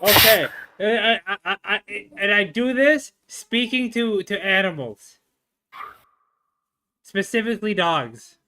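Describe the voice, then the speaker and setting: Give me an excitable man who stammers and swears, with a high voice. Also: unhurried. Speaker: player. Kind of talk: tabletop game play.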